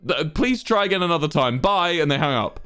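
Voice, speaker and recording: A young man streaming to his chat, retelling a frustrating ordeal in an exasperated, animated way and acting out the people in it. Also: on the high side, brisk, smooth. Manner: acts out the people in his story. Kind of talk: casual livestream storytelling to chat.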